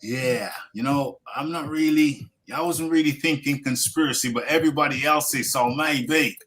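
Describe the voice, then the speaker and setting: A man's voice: a little high, moderate pace, a bit bright, low-quality recording. A man hosting a boxing talk show, chatting casually with wry jokes and lots of repetition. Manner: repeats himself, wry and joking. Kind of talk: casual live podcast chat.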